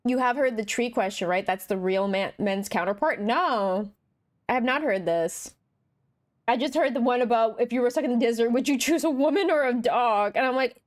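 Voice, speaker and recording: A young woman streaming a story game, chatting casually and reading the in-game text aloud with animated, rambling asides. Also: fairly high pitch, moderate pace.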